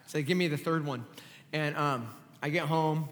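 Male pastor, middle-aged, animated joking sermon, high bright tone, reverberant hall. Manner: animated, sarcastic and joking, with quick asides.

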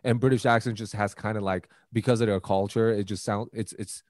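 Animated young man. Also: fairly quick, no echo, studio quality. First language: Mandarin. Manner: animated, profane, jokey, rises sharply in pitch when worked up. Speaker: podcast co-host. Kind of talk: casual podcast chat.

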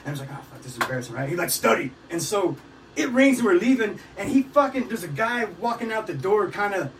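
A man's voice: high voice, sing-song, fast talker. A middle-aged man from Missouri telling rowdy, profane stories and laughing in a casual podcast chat. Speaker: podcast co-host. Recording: distant mic with loud background noise.

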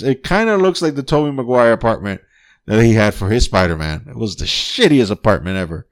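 A man's voice: mid-range voice, wildly swooping pitch, moderate pace. A man hosting a podcast, giving a casual, profane spoiler-filled movie review and repeatedly asking "guess what?". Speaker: podcast host.

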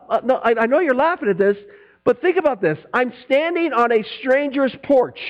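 A middle-aged man preaching a sermon, swinging between loud, animated preaching and quiet asides. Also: very high-pitched. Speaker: pastor. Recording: dull lo-fi recording with mains hum.

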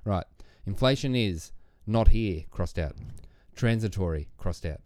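Male co-host, low and smooth voice, blunt talker who swears freely. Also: measured pace, dry recording, clean studio sound. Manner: blunt and animated, swears casually. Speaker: podcast co-host, librarian. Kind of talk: casual chat.

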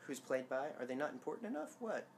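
A man's voice: mid-range voice, sing-song, fast, vocal fry, slight background noise. Man, casual watch-along co-host; jokey, exclamatory, trivia-minded. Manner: joking, exclamatory, trivia-sharing.

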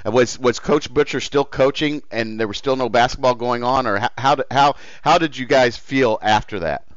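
A man's voice: medium pitch, no echo. Male interviewer, stumbles through stacked questions, mid-range voice, dull dry recording. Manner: halting, stacks up rephrased questions.

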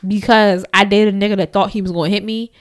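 A woman chatting casually, blunt and profane, telling animated stories with frequent restarts. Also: medium pitch, quick pace, clear, resonant tone. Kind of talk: casual chat.

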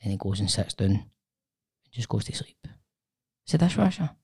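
A man's voice: on the low side, normal speed, creaky, husky. Scottish man telling a rambling story. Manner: rambling animated storytelling with swearing. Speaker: podcast co-host. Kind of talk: casual chat. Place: podcast studio.

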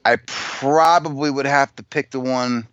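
A man's voice: mid-range voice, steady tone, measured pace, a bit bright, smooth, no echo. A man co-hosting a casual podcast, wry and sarcastic, giving frank opinions. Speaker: podcast co-host. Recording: dull, dry lo-fi recording.

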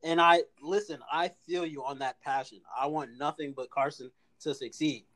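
A man, co-hosting a casual sports chat, animated and full of restarts. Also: on the high side. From Philadelphia area. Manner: animated, talks fast with repeated restarts. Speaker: podcast co-host.

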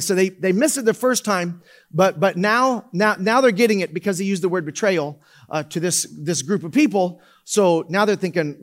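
Male pastor, relaxed conversational sermon, lots of restarts, slightly higher voice. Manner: conversational, loose, full of fillers and restarts. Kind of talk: casual sermon.

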